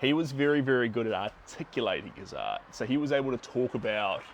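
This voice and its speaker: A man's voice: medium pitch, very animated, fairly quick, a little hiss or hum. A man with a New Zealand accent chatting casually to his livestream viewers as he paints, greeting them by name.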